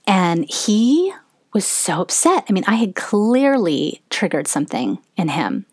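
A woman's voice: mid-range voice, very animated, a little slow, a little mellow, breathy edge, dry recording, studio quality. Candid, chatty woman podcast host. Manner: candid and conversational, heavy use of "like". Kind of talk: personal storytelling monologue.

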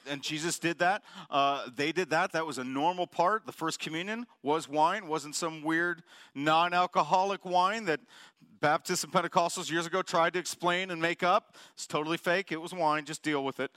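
A man's voice: a little high, sharp tone, no room sound, studio quality. A man in his forties preaching a sermon in a conversational way, joking with the congregation and firing off emphatic questions. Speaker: pastor.

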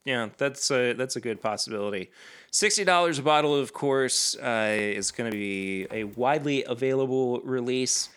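A man's voice: mid-range voice, moderate pace, fairly bright tone, clear, resonant tone. A man co-hosting a podcast in casual chat, talking loosely with plenty of fillers and restarts. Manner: conversational, with frequent fillers and restarts. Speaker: podcast co-host.

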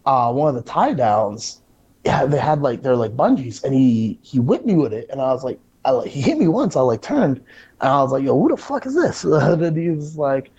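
A man, a pro wrestler, chatting casually and telling animated stories, acting out what people said. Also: mid-range voice, moderate pace, husky, muffled recording. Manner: animated storyteller, acts out quotes. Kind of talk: casual conversation.

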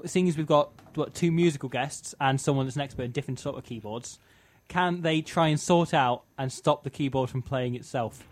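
A man's voice: medium pitch, brisk, dry recording. A man hosting a comedy podcast, rambling and giggly as he sets up games. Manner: giggly, rambling, self-interrupting. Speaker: podcast host. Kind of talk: casual comedy chat.

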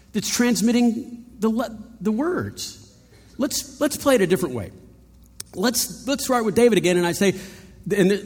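A man preaching a sermon in a conversational way, asking rhetorical questions and adding playful asides. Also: high voice. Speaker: pastor. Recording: long reverb of a large hall.

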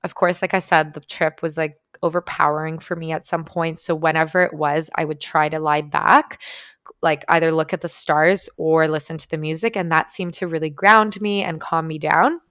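Chatty woman with a lowish voice. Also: fairly even intonation, normal speed, fairly bright tone, dry recording, studio quality. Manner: chatty, heavy use of "like", frequent swearing. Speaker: vlogger. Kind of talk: casual storytelling to viewers.

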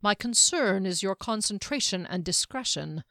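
A woman's voice: medium pitch, expressive, moderate pace, sharp tone, no room sound, clean studio sound. A woman voicing a stern male military captain giving firm, clipped orders in a fantasy audiobook.

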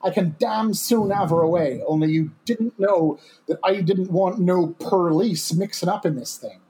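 A man's voice: high-pitched, normal speed, warm tone, low-quality recording. A man voicing a coarse, crooked old body-snatcher in a put-on Irish accent, cursing and blustering in a podcast story. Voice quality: coarse, gruff.

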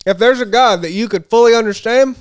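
High-voiced man chatting about faith. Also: a little fast, clear, resonant tone, dry recording, studio quality. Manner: rambling, self-correcting, joking. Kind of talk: casual faith discussion.

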